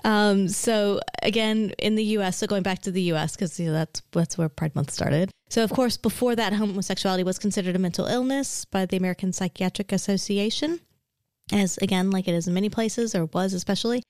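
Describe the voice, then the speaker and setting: A woman co-hosts a casual podcast and walks through her history notes in a relaxed, chatty way, full of little fillers. Her voice is dry and close, with no room sound. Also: mid-range voice, a little fast, clear, resonant tone, no echo. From Australia. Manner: chatty and explanatory, with frequent fillers like "so" and "like". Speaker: podcast co-host.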